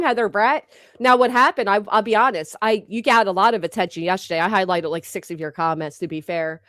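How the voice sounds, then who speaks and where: A woman in her thirties runs a casual livestream and riffs on her viewers' comments. Her voice sits at an ordinary middle pitch, and she sounds brash and teasing and swears freely. The sound is close and dry with no room echo. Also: fairly quick, fairly bright tone. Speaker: livestream host. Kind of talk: casual live-chat banter.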